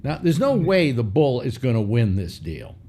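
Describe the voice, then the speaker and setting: A man's voice: mid-range voice, sing-song, normal speed, mellow. An older man hosting a casual chat show, rambling through a story with many restarts and fillers. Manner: meandering, restarts, mock voices in anecdotes. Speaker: show host.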